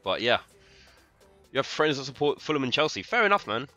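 A young man from London with a London English accent, chatting excitably to viewers and swearing freely while commentating his own football game. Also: mid-range voice, fairly quick, highs cut off, soft background music. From London, England. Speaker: gaming streamer. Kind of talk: live gameplay commentary.

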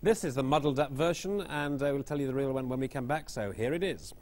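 A man's voice: medium pitch, quick pace, very noisy. A man hosting a television quiz show, chatty and genial, given to rambling a little as he moves things along. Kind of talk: TV game show presenting.

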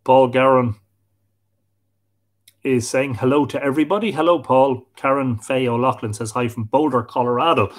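Here the Irish host talks at a normal speed with a medium-pitched voice. He keeps the live-stream chat relaxed, reading comments aloud and greeting the people who wrote them by name.

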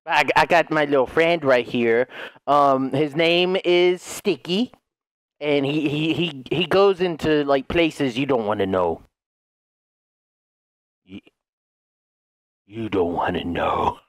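A man's voice: fairly high pitch, measured pace, dry recording, clean studio sound. A man in a goofy comedy skit, switching between silly put-on voices with lots of laughter. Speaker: content creator.

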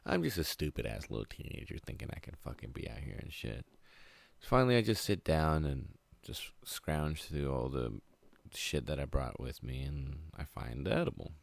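Very deep, gravelly young man. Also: expressive, moderate pace, no echo. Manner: casual, profane, laid-back rambling. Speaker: vlogger. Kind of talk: storytime monologue.

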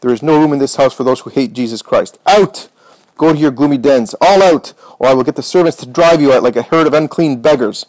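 A man's voice: mid-range voice, fairly quick, no room sound, natural voice, low-quality recording. Man reading as fierce, commanding devout woman. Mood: wrathful. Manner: forceful, commanding. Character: fiery devout repentant woman, fearless.

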